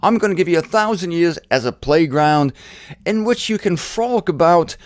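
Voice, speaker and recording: A man's voice: a little high, lively intonation, normal speed, dry recording, studio quality, voice pushed up, lightly acted. A man voicing God as a jaunty, condescending deity with a put-on accent. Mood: playful. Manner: theatrical, breezy and condescending.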